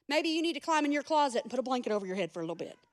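A woman's voice: high-pitched, big pitch swings, racing. A woman pastor giving a sermon in a casual, conversational way, speaking straight to the congregation with humorous asides. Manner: addresses the congregation directly.

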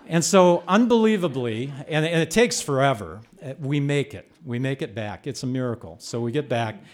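Older man telling a lively story. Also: mid-range voice, normal speed, few pauses. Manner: animated, rising to shouts when reliving the chaos. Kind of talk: live personal storytelling.

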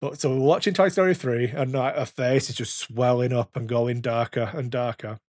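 A man in his thirties hosts a casual podcast chat. His voice sits mid-pitch and sounds dry and close to the mic. He tells stories in an animated way, swears a lot, and acts out the voices of the people in them. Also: moderate pace, no echo. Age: 30s. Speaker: podcast host.

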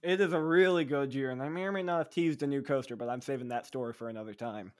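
A man's voice: medium pitch, fast talker. A man co-hosting a casual podcast, talking eagerly with lots of fillers and restarts. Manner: enthusiastic, rambling with fillers. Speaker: podcast co-host. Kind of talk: casual chat.

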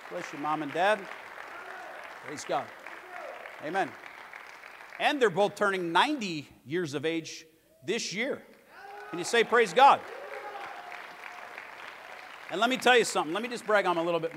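A man's voice: fairly high pitch, a little hiss or hum. Middle-aged preacher guy telling funny stories from the pulpit, asks for amens a lot, voice rings out in a big church. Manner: lively storytelling with joking asides and calls for amen. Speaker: pastor. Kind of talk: sermon. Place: large church sanctuary. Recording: long reverb of a big church hall.

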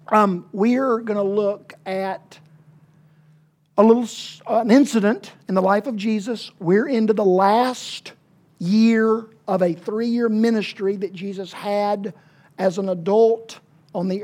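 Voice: medium pitch, darkish tone. Homespun pastor, informal sermon delivery, stops and starts, then presses points hard. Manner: conversational, halting with fillers, emphatic asides. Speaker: pastor of a small church.

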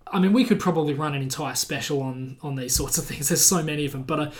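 A man co-hosting a sports podcast, with a voice that sits a little high for a man. He tells his stories in an animated, chatty way and laughs easily. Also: quick pace. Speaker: podcast co-host. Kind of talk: casual sports chat.

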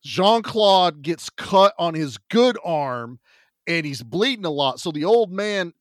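A man's voice: sits high, slow, no room sound, studio quality. A man co-hosting a podcast, retelling movie scenes with swearing and acted-out lines in casual chat. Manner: animated storyteller, acts out scenes, swears freely. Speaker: podcast co-host.

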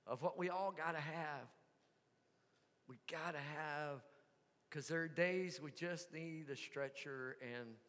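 A man preaching a sermon, telling a story with soft asides and sudden loud shouts. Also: on the high side, big-room sound. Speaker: pastor.

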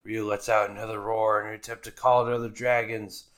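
A man's voice: on the low side, flat delivery, brisk, a bit bright. A man hosting a podcast, casually recapping anime episodes with irreverent, profane asides. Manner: irreverent, swears freely, mock voices for characters.

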